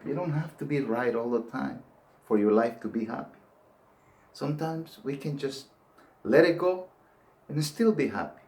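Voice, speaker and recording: A man's voice: medium pitch, expressive, moderate pace, pauses often, darkish tone, slight background noise. An older man giving an earnest, pleading monologue that rises into emphatic outbursts. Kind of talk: impassioned monologue to camera.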